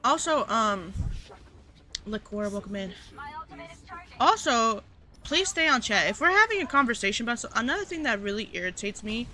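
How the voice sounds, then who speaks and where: A woman's voice: a little high, big pitch swings, moderate pace, long pauses, pushed and bright. A woman streamer talking casually to her chat, rambling with lots of fillers and asides. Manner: rambling, filler-heavy, addressing chat directly.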